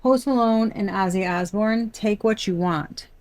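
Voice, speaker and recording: A woman reading tarot cards for a general audience in a loose, chatty way. She speaks bluntly, swears freely and vents her irritation in quick asides. Her voice sits at an ordinary middle pitch and sounds close and dry, with no room echo. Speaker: tarot reader. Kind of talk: casual collective tarot reading.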